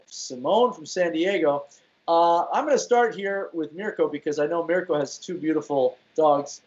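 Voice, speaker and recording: Man, comedy talk show host, playful, laughs a lot, slightly high, dull lo-fi sound. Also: normal speed, a little mellow. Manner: playful, laughs often, restarts sentences. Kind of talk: casual comedic chat.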